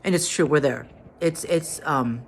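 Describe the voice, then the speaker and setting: A tired, drained woman telling a story to the camera in a halting way, repeating words and restarting. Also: deep voice, a little hiss or hum. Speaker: vlogger.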